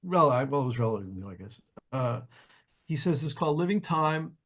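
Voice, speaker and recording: An older New Jersey man, a jazz pianist appearing as a guest on an interview show, speaks briskly in a mid-range voice. He tells animated stories casually, restarting often and acting out the voices in his quotes.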